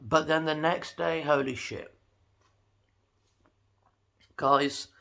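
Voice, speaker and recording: Gravelly, bright-voiced man vlogging. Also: fairly high pitch. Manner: chatty, animated storytelling. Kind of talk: casual talking-to-camera vlog.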